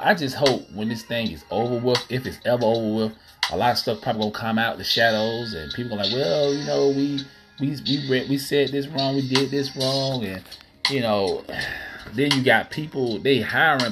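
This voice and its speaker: A man hosting a podcast, ranting casually and profanely while addressing listeners as y'all. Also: on the low side. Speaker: podcast host. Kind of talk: casual solo rant. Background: music playing.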